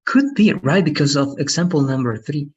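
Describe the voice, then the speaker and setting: A man teaching an English lesson, encouraging and patient, slowing down to model how words are stressed. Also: fairly high pitch, animated, husky. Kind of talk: online language lesson. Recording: dull lo-fi sound.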